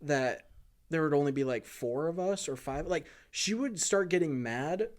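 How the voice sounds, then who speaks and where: A man's voice: fairly high pitch, animated, normal speed. A young man hosting a podcast, telling school stories in casual chat, laughing often and saying dude a lot. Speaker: podcast host.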